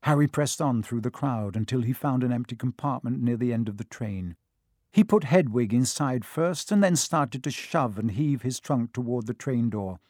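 A man reading a novel aloud as an audiobook narrator, in a measured storytelling manner. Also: mid-range voice, animated, a little mellow, dry recording, clean studio sound. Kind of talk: scripted narration.

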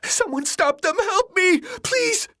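A terrified teenage boy cries out in a shrill, sobbing voice that cracks high above a normal speaking range. His pleading sounds raw and frantic. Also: lively intonation, slow pace, bright, forceful tone, no echo, clean studio sound, exaggerated voice. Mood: desperate pleading.

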